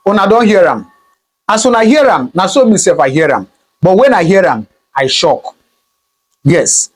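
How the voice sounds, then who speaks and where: A man with a Nigerian accent hosting his own political commentary video, talking in an impassioned, emphatic way and slipping into pidgin phrases. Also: high-pitched. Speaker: channel host.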